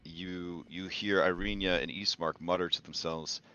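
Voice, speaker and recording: A man narrating as game master of a tabletop game, relaxed and hedging with many fillers. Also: sits low, moderate pace, smooth. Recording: dull lo-fi sound with music behind.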